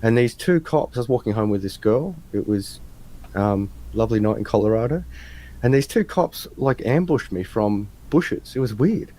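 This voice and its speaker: An Australian man on a video call, telling casual anecdotes in an animated way, acting out the people in his stories. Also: fairly low pitch, normal speed. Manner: animated anecdote teller, acts out voices in stories. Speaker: interviewer. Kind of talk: casual storytelling chat. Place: home room with adjustable lights.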